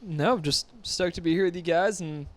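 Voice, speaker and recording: A man's voice: high-pitched, moderate pace. A man guesting on a podcast, trading profane banter with plenty of laughs. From Latin American family. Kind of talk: casual chat.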